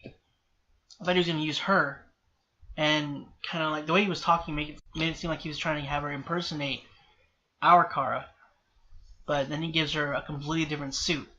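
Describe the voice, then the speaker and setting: A man's voice: on the high side, fairly even intonation, a little fast, pauses often, pushed and bright. A man rambling through a TV episode reaction, restarting and correcting himself and apologizing often. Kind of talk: rambling solo reaction commentary. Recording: slightly dull lo-fi sound with faint background hiss.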